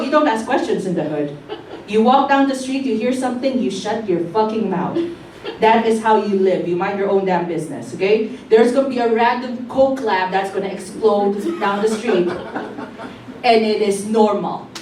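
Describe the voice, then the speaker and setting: A woman from the Philippines whose first language is Tagalog, doing a brash, profane, animated stand-up comedy set on a club stage. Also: mid-range voice, moderate pace. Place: comedy club stage before a live audience. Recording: echoey room, distant mic, faint background noise.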